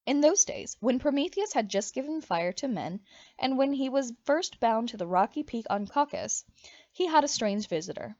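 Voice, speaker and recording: A woman reading a mythology book aloud in an expressive, dramatic way. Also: a little high, moderate pace, dry recording. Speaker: audiobook reader. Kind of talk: storybook read-aloud narration. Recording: dry, slightly muffled home recording.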